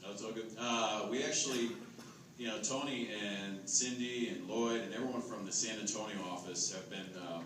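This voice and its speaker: A man on a charity ride team telling a relaxed story with many hesitations. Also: lowish voice, normal speed. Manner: relaxed, hesitant, lots of "uh" fillers. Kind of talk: casual storytelling to a camera. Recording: echoey, distant, noisy.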